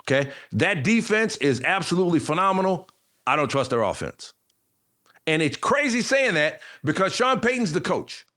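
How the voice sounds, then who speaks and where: A man's voice: high-pitched, big pitch swings, moderate pace, sharp tone. A man co-hosting a sports talk show, debating football casually and thinking aloud with frequent restarts.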